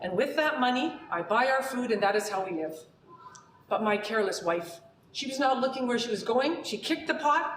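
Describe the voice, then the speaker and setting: A fretful village washerman from a spoken folk tale, complaining and exclaiming with a flustered stammer, voiced by a woman storyteller. The voice is fairly high and sounds distant, with a roomy echo around it. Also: lively intonation, a little fast, fairly bright tone, slight background noise. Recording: roomy hall recording from a distance.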